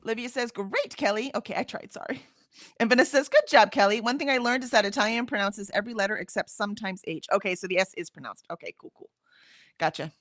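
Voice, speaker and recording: A woman hosts a relaxed livestream and chats her way through viewer comments, laughing easily as she goes. Her voice sits a little high, and it is recorded close up with a dry sound that has almost no room echo. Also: quick pace. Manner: chatty, laughs often, reads chat messages aloud. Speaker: livestream host. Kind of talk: casual chat reading viewer comments.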